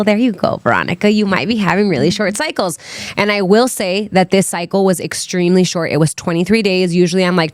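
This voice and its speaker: With a smooth, medium-pitched voice and no echo, a young adult woman shares a personal story on her solo podcast. She's candid and chatty, sprinkling in "like" and "um" frequently.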